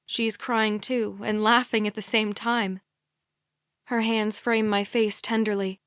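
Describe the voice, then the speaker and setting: A woman narrating a young adult thriller audiobook in a quiet, measured first-person reading. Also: mid-range voice, flat delivery, clean tone, no room sound, studio quality. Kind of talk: scripted narration.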